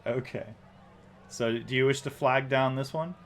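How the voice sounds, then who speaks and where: A man narrating a tabletop game as game master, halting often with ums and restarts. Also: mid-range voice.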